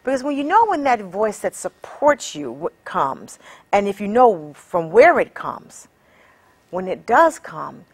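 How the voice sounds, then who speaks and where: Woman, empowerment coach, encouraging and measured, animated pitch. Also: husky. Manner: measured and encouraging, with many rhetorical questions. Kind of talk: motivational teaching talk.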